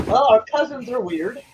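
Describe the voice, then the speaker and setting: A woman's voice: mid-range voice, a little hiss or hum, low-quality recording. A woman hosting a casual chat, rambling and laughing often. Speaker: streamer host.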